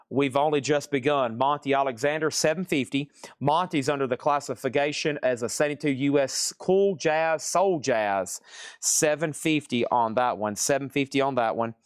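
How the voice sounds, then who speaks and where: A man hosting a live vinyl sale stream, quickly listing records, grades and prices, worn out after hours of nonstop talking. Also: mid-range voice, clear, resonant tone, no echo, clean studio sound. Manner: rapid-fire listing of records and prices, tired. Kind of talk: live sales stream patter.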